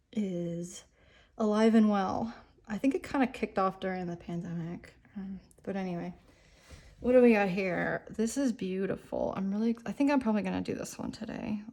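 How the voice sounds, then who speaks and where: Gravelly-voiced bubbly woman vlogger. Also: mid-range voice, a little mellow. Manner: bubbly, enthusiastic, lots of "like" and "um". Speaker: nail art vlogger. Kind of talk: casual chatty vlog.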